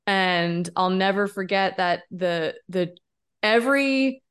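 A woman's voice: medium pitch, takes it slowly, fairly bright tone, smooth. A woman co-hosting a podcast about relationships, speaking earnestly as she sums up a lesson. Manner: earnest, teaching tone. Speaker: podcast co-host. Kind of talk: casual chat.

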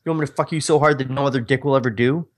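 Brief: a man doing an angry cursing boyfriend, mid pitch, confrontational. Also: fairly even intonation, racing, lightly acted. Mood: menacing. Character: jealous furious young man, cursing.

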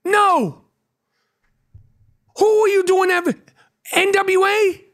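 A man's voice: very high-pitched, flat delivery, normal speed. A middle-aged man with a New York accent, hosting a podcast and delivering a brash, profane, mocking solo rant. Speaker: podcast host.

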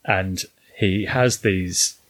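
A man's voice: deep voice, very slow, fairly bright tone, dry recording. A man casually recapping a film plot and quoting the characters, swearing now and then, on a podcast. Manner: retells scenes, swears casually. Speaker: podcast co-host. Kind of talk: casual film review chat.

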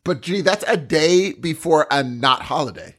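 A man co-hosting a casual chat, chatty and excitable, telling stories. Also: on the high side, moderate pace.

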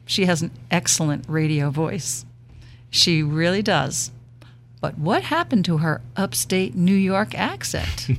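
A woman co-hosting a talk show, gently reading out listener questions. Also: on the low side, lively intonation, slow, slight background noise.

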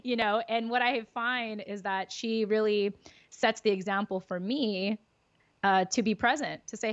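A woman's voice: medium pitch, fairly even intonation, measured pace, no echo, highs cut off. A woman talking openly and reflectively as a podcast guest, laughing often. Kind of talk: casual conversation.

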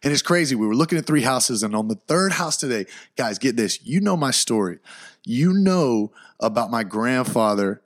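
A young man hosting a podcast, telling a story in an excitable, slangy way with sudden loud outbursts. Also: medium pitch, normal speed. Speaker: podcast host. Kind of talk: casual solo podcast storytelling.

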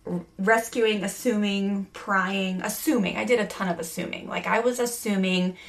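A woman's voice: mid-range voice, fairly even intonation, moderate pace. A woman hosting a parenting course who laughs often and talks through lists of points with energy. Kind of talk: parenting lesson with role-play.

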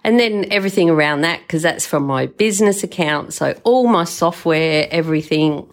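A woman's voice: sits low, normal speed. An older woman hosting a podcast, telling a story in an emotional, rambling way and swearing freely. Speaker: podcast host. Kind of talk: casual storytelling monologue.

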